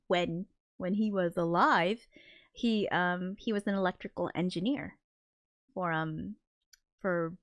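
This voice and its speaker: Woman streamer, unhurried delivery, chatty and rambling, reads chat and reacts loudly. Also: medium pitch. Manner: chatty and rambling, with loud shocked reactions and laughter. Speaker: livestream host and composer. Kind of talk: casual livestream chat, reading viewer comments aloud.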